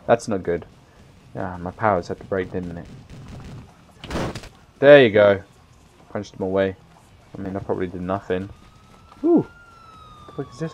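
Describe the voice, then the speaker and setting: A tired young man giving casual, rambling gameplay commentary, swearing freely with loud bursts of excitement. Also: on the low side, a little hiss or hum. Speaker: gaming YouTuber.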